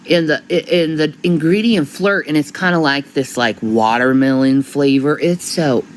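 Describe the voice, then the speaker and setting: Talking straight to camera in a rambling, casual monologue, a woman vlogger sounds short of breath, swearing, restarting often, and breaking into laughter. Her voice is deep and unhurried, and the poor audio has a little hiss or hum.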